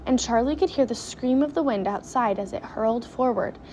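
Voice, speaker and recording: A woman reading a children's story aloud with dramatic, animated pacing. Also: on the high side, normal speed, slight background noise. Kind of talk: expressive storybook read-aloud.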